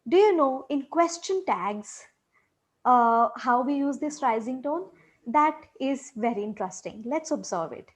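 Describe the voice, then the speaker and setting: Patient female English teacher with a fairly high voice and an unhurried delivery, demonstrating tones. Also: expressive. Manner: patient, repeats example sentences with exaggerated rising and falling tones. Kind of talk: micro-lesson on intonation.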